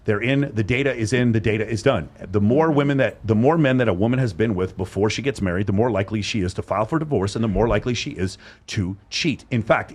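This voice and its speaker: A middle-aged man hosting a candid panel discussion, blunt and profane, acting out quoted speech with a raised voice. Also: mid-range voice. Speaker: podcast host.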